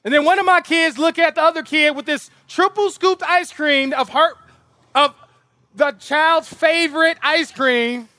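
High, bright-voiced preaching pastor. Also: male voice, measured pace, dry recording, clean studio sound. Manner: impassioned preaching with vivid storytelling and emphatic repetition. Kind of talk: sermon. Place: outdoor lawn service.

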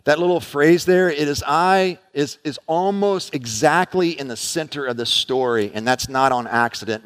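A man preaching a sermon as pastor, animated, emphatic and conversational. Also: medium pitch, big-room sound.

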